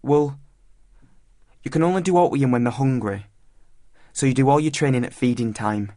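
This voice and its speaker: Man voicing a teenage boy, Yorkshire, blunt, higher than his own voice, dry. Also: normal speed, dark tone, no echo, lightly acted. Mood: earnest. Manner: blunt, eager, dialect-heavy. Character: defiant working-class teenage boy.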